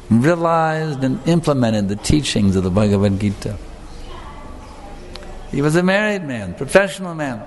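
Stressing his points with earnest emphasis, a male spiritual teacher asks his listeners questions during a devotional lecture. He has a gravelly, medium-pitched voice, captured amid long hall reverb and a faint room ambience.

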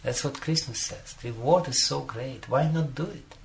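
A man's voice: mid-range voice, normal speed, creaky, slight background noise. A man giving a devotional talk as a spiritual teacher, telling a story and often chuckling between phrases, with frequent "you know" fillers.

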